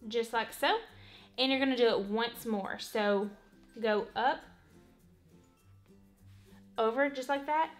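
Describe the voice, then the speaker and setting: A woman's voice: on the high side, takes it slowly, pauses often, soft background music. A woman giving a casual, rambling craft tutorial at home, saying "y'all" and "literally" a lot. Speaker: craft vlogger. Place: home, working on a wall hanging.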